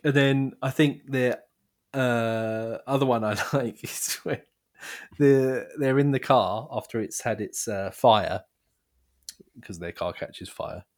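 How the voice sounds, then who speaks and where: A man's voice: mid-range voice, slow pace. A man co-hosting a casual film podcast, easygoing and laughing often as he recalls scenes. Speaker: podcast co-host. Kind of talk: casual film review chat.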